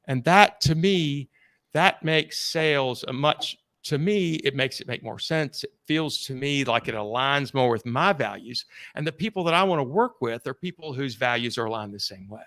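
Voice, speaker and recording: A man who is a sales coach and podcast guest, telling stories in a blunt, animated way and swearing freely. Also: medium pitch, moderate pace, no echo, studio quality. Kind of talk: casual storytelling interview.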